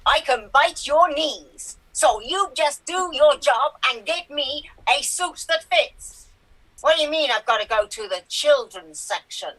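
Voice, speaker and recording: A woman's voice: high-pitched, sharp tone, exaggerated voice, poor audio. A woman playing a short, pushy male star. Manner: blustering, repetitive, demanding. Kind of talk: improv comedy impression. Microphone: video call.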